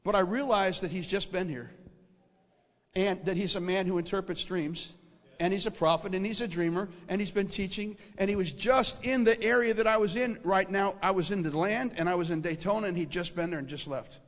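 Man, preacher, sermon storytelling, high voice, repeats words, long hall echo. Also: brisk. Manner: animated storytelling that checks in with the audience. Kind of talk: sermon, recounting a dream. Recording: reverberant hall.

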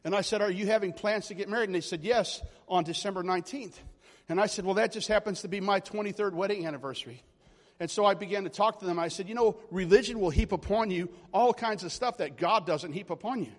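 A man in his forties preaching a charismatic sermon, telling stories and building to loud exhortation. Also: high voice, fast talker, big-room sound.

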